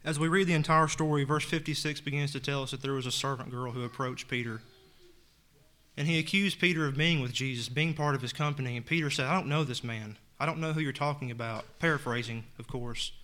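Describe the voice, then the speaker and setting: Male preacher, mid-pitched, earnest sermon delivery, scripture reading. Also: brisk, pushed and bright. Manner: earnest, reads scripture aloud and retells it in plain words.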